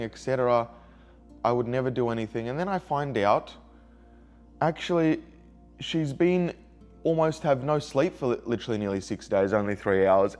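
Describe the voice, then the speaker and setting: Upset man venting. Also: mid-range voice. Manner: hurt, rambling, repeats himself. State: emotionally upset. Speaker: vlogger. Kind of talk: video diary, personal story.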